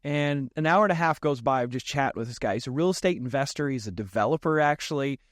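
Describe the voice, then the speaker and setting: A man telling a personal story as a podcast guest in a casual interview, lively and laughing often as he acts out the dialogue. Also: medium pitch, quick pace, no echo, studio quality. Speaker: podcast guest, real estate investor.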